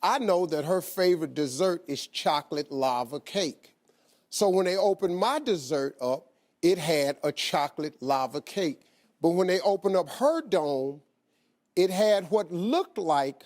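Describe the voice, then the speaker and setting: Talk show host, middle-aged man, lively storyteller with a higher-pitched voice. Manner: animated storyteller, acts out quoted voices. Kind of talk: heartfelt storytelling.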